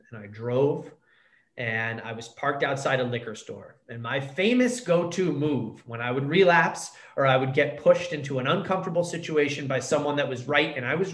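A man's voice: fairly high pitch, fairly bright tone. A man telling a candid recovery story as a podcast guest, blunt and profane, calling the host "dude". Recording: echoey room.

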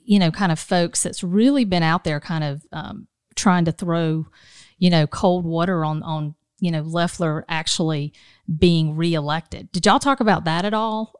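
A woman's voice: on the low side, unhurried, clear, resonant tone, no room sound, clean studio sound. A woman hosting an interview, engaged and asking follow-up questions in a conversational tone. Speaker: interview host.

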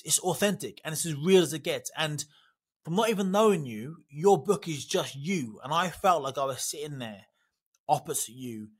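A man from Britain hosting a podcast, talking warmly and effusively with frequent restarts. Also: on the high side. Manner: effusive, enthusiastic, many restarts. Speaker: podcast host. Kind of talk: casual interview chat. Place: living in America.

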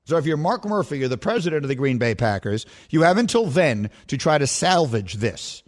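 A man's voice: fairly high pitch, sing-song, fairly quick. A man hosting sports radio, giving emphatic opinion commentary full of rhetorical questions.

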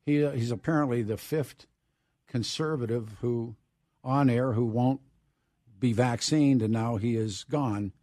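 A man's voice: medium pitch, unhurried, warm tone, no room sound, clean studio sound. A man hosting a radio talk show, loose and joking, rambling between topics.

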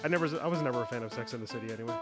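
A man's voice: mid-range voice, very fast, over music. A man producing a sports radio show, flustered and apologetic as he reads out listener texts. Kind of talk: casual radio banter.

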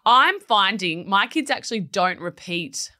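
A woman co-hosting a casual podcast chat, telling animated stories and acting out her kids' voices. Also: mid-range voice, unhurried. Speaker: podcast co-host.

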